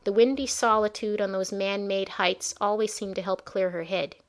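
A woman reading a storybook chapter aloud in an expressive, measured way. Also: mid-range voice. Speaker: audiobook narrator. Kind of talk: storybook narration.

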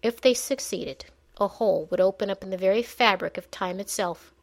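A woman narrating a fantasy audiobook in a measured, even storytelling manner. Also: medium pitch.

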